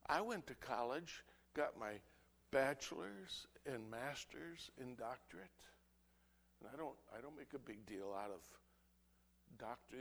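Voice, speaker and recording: A man, a pastor, preaching an impassioned sermon that swings between loud outbursts and low, earnest asides. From United States.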